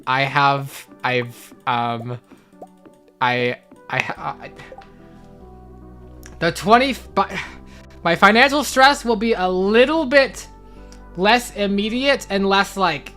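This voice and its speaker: A woman's voice: medium pitch, lively intonation, slow pace, pauses often, fairly bright tone, faint music behind. A young adult woman streaming a game, chatting casually and rambling with many fillers and restarts. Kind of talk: casual chat while gaming.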